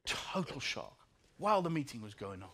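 Man preaching a sermon, stories softly told. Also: medium pitch, sing-song, normal speed, slightly rough. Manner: personal storytelling with emotional swings, soft then rising. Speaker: pastor.

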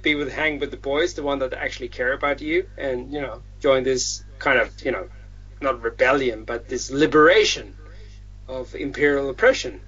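A man's voice: medium pitch, fairly even intonation, normal speed, fairly bright tone, husky. A man voicing a boastful, chummy male warrior demigod who talks in casual slang, on dull lo-fi audio. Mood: persuasive.

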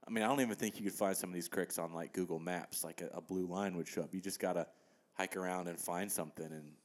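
Male guest, low voice, animated storyteller in casual chat. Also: fast talker. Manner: animated storytelling with laughs and quoted asides.

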